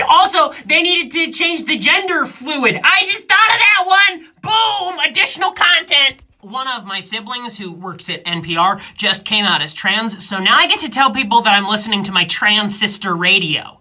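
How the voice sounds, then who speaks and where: A woman's voice: mid-range voice, animated, normal speed, sharp tone. A woman telling a string of corny jokes in a self-mocking way, stumbling over her own punchlines. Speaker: comedian. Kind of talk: comedy monologue.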